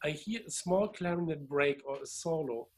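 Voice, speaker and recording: A man's voice: on the high side, normal speed. A middle-aged man from Berlin with a German accent, telling a long anecdote in casual conversation over a video call. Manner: animated, laughs while telling stories. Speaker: DJ and record collector, guest.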